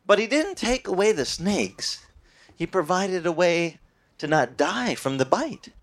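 A male preacher delivering a sermon in a lively, conversational way. His voice sits a bit high and swoops widely as he stresses points. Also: unhurried. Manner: animated, conversational, with repeated restarts. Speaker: pastor.

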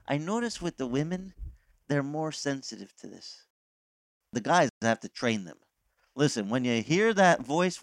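A man's voice: a little high, no echo. Folksy preaching man, dry close sound. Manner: animated, folksy, acts out quoted voices, frequent restarts. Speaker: pastor. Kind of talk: conversational sermon.

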